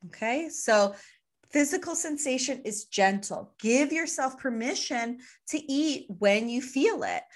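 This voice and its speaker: A woman co-hosting a podcast, explaining eating habits through lively, playful analogies in a casual chat. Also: sits high, a little slow. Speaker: podcast co-host, nutrition expert.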